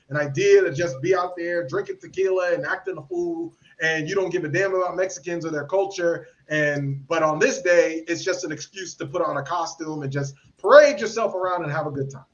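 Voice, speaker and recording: A man's voice: a little high, moderate pace, hardly any pauses, lo-fi sound. A man hosting a podcast, giving opinionated commentary and acting out voices of people he quotes. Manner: animated, acts out quoted voices. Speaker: podcast host. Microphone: podcast mic.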